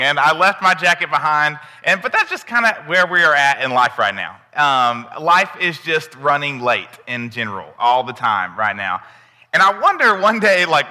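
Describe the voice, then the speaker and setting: A man's voice: fairly high pitch, bright, forceful tone, big-room sound. A man giving a candid, conversational sermon in a church. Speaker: preacher. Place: church sanctuary.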